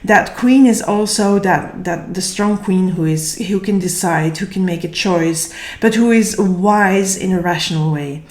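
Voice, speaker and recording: A woman giving a casual tarot reading, slightly hoarse and tired, thinking aloud and searching for words. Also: mid-range voice, a little slow, a little mellow. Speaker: tarot reader. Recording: echoey room.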